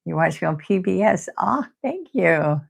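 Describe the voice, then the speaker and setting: An older woman, hosting a live painting stream. She talks softly and close to tears, often repeating words as she chats to viewers. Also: lowish voice, lively intonation, unhurried, vocal fry, slightly rough. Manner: soft-spoken, tearful, repeats words. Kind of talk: casual heartfelt chat to live viewers.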